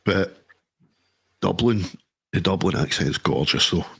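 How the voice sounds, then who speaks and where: A man's voice: sits low, measured pace, gravelly, fairly bright tone, husky. A middle-aged man in casual chat on a podcast, telling jokey, sweary anecdotes. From Scotland. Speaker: podcast co-host.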